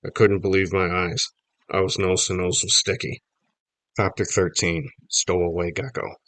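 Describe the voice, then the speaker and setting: A man reading a children's novel aloud, telling the story lively in first person. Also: low voice, normal speed, dry recording. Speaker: audiobook reader.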